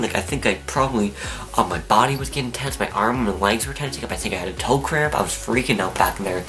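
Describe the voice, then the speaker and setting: A teenage young man, telling a story to camera in an excitable, animated way. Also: fairly low pitch, quick pace, soft background music. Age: teens. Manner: excitable, animated, acts out his own screams and whispers. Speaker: vlogger.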